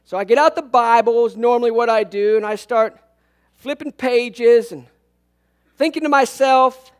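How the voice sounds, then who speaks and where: High-voiced male pastor telling jokes. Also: normal speed. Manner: storytelling with jokes and acted-out quotes. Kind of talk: humorous sermon. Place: church sanctuary.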